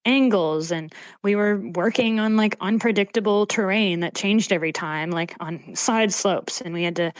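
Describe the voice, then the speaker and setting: A young woman from Canada chatting casually as a podcast guest, animated and laughing often, with lots of "like.". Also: medium pitch, moderate pace, clear, resonant tone, no room sound, highs cut off. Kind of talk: casual chat. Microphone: remote call mic.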